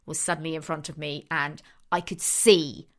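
A woman's voice: deep voice, fairly even intonation, moderate pace. A woman scientist with a British accent co-hosting a podcast, speaking earnestly and with feeling. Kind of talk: casual podcast conversation.

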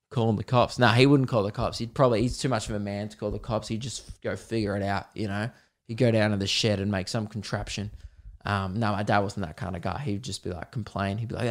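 A man's voice: fairly low pitch, steady tone, fast talker. A man with an Australian accent hosting a casual solo podcast, rambling and swearing as he tells a story. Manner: rambling, swears, sings song snippets. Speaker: podcast host.

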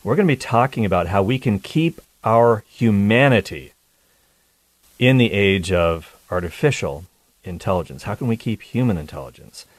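A man's voice: lowish voice, expressive, normal speed, no room sound. A man hosting a call-in radio talk show, chatty and joking with his listeners. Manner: chatty, jokey, upbeat.

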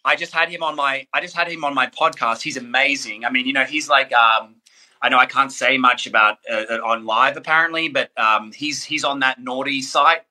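A man's voice: medium pitch, brisk. A man with an Australian accent, chatting as a podcast guest and telling jokey stories. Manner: joking, animated storyteller. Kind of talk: casual chat.

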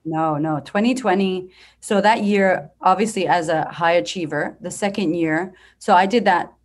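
A woman in her thirties with a slightly low voice tells her story as a podcast guest. She talks bluntly and with plenty of energy, and she swears freely. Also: normal speed. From United States. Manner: blunt, profane, energetic and animated. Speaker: business coach guest.

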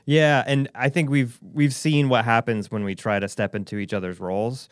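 A man co-hosting a podcast in easygoing chat, cracking jokes and breaking into laughter between his points. His voice sits at an everyday middle pitch. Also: steady tone, normal speed, clear, resonant tone, dry recording, studio quality. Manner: joking, laughs often. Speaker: podcast co-host. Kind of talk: casual chat.

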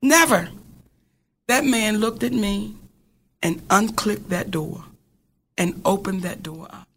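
A woman hosting a podcast, telling a story in an animated, casual way and swearing freely. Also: medium pitch, takes it slowly, slightly rough. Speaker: podcast host.

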